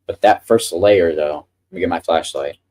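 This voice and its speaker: Guy hosting a live stream, deep-ish and mellow, chatty, hands busy with gear. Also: moderate pace. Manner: chatty, enthusiastic about 3D printing. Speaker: livestream host. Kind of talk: casual live stream chat.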